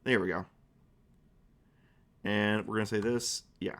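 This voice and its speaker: A man's voice: fairly low pitch, fairly even intonation, unhurried, fairly bright tone. A man streaming as game master, narrating a tabletop game in a rambling, playful way. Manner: rambling and playful, with many restarts and fillers.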